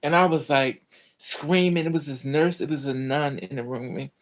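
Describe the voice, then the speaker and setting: A woman recounting a personal story in an animated, dramatic way, full of colloquial slang. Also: very deep voice, moderate pace, low-quality recording. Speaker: storyteller vlogger.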